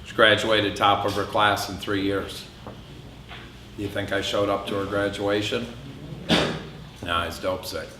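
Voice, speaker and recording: A middle-aged man giving a candid personal testimony speech at an event, telling a hard story with flashes of dark humor. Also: fairly low pitch, flat delivery, unhurried, pauses often, noisy background. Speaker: public speaker. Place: event hall. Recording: echoey hall with faint ambience.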